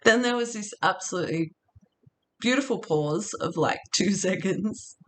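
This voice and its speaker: A woman's voice: medium pitch, lively intonation, moderate pace. A middle-aged woman vlogger telling a story to camera in a casual, chatty way, often laughing.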